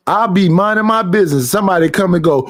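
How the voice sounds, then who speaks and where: A middle-aged man hosting a livestream in a casual chat, telling animated stories. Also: high-pitched, fast talker. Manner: animated storytelling with acted quotes. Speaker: livestream host.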